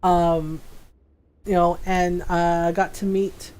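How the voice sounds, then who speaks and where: A woman's voice: on the low side, little pitch movement, slow pace, a little mellow, clean tone. Chatty middle-aged woman streamer. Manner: chatty, laughs often, acts out quoted people. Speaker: game streamer. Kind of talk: casual chat while gaming.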